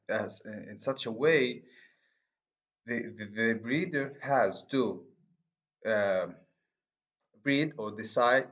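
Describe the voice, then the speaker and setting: A man gives a university lecture at a middle pitch. He speaks haltingly, restarting phrases and asking "okay?" to check in. The recording is muffled and dull.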